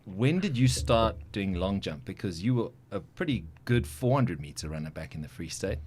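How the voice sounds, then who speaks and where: Casting: male podcast host, lowish voice, chatty and joking. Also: animated, normal speed, darkish tone, slight background noise. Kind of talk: casual interview chat.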